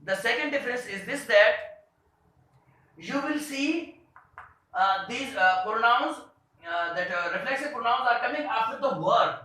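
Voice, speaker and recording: A man teaching a grammar lesson, hesitant with many fillers, slowing down to read example sentences aloud. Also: very high voice, animated, sharp tone. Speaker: English teacher. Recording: very echoey room.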